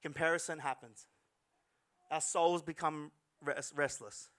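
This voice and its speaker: A male pastor preaching a lively, dramatic sermon to a church congregation, with jokey asides and voices he acts out. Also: on the high side, unhurried. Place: church service hall.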